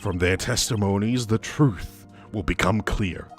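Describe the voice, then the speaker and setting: An Australian man voicing a smug young male prosecutor in a high, nasal voice with drawn-out, emotive vowels. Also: soft background music, close to an everyday voice. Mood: haughty.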